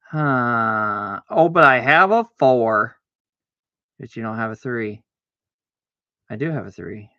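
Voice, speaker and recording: A man talking slowly through a card game, his voice bright and gravelly, trading questions and answers with himself and breaking into loud excited cries. The sound is dull and lo-fi, close and dry. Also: mid-range voice, no room sound. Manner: argues with himself aloud, bursts of excited exclamations. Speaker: livestreamer playing solitaire. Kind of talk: casual self-talk while gaming.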